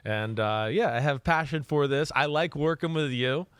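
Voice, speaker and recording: A man from northern New Jersey co-hosts a football podcast in loose, casual chat. He talks loud and excitable and laughs often. His voice is smooth and clear, recorded dry and close. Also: a little high, moderate pace, dry recording. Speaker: co-host, former quarterback.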